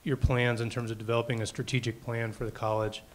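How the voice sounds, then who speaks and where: A man, a faculty member, asking the dean a question from the audience in a measured, slightly halting way. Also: mid-range voice, little pitch movement, slight background noise.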